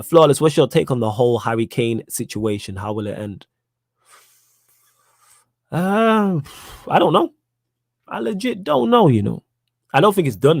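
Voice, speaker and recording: On a casual live-stream, a young football podcast host reads out questions from chat, emphatic and slangy, hammering the same points more than once. His darkish voice sits in the mid range, and the recording is dry.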